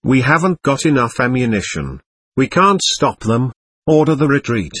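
Man reading as a gruff, husky veteran soldier. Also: mid-range voice, big pitch swings, normal speed, fairly bright tone, no room sound, clean studio sound. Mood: urgent. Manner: blunt, urgent orders. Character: gruff battle-hardened male veteran soldier. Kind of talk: audiobook reading.

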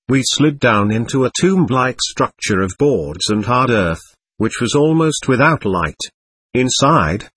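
A man with a husky voice reading a first-person war memoir aloud, in measured storytelling. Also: mid-range voice, a bit bright, no room sound. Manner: measured storytelling, voicing the soldiers lightly. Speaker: audiobook narrator.

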